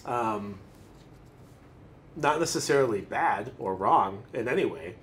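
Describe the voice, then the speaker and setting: Lively young man running a tabletop game. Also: medium pitch, slow, a little hiss or hum. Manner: lively, explaining rules with fillers. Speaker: dungeon master.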